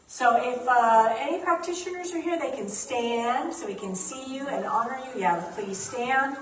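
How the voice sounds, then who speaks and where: A woman's voice: fairly high pitch, moderate pace. A woman minister making church announcements and leading a prayer, chatty and playful, laughing often. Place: church sanctuary. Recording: echoey church hall from far off, faint noise.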